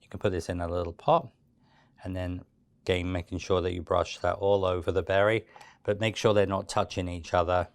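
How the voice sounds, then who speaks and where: A man giving a relaxed, chatty step-by-step cake decorating tutorial, with frequent fillers and restarts. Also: low voice, a little fast, smooth, dry recording.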